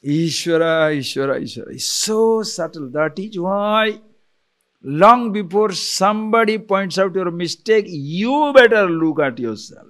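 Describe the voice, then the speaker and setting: Animated man giving a spiritual lecture. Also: high-pitched, unhurried. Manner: animated, rhetorical questions, chuckles often. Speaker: spiritual teacher.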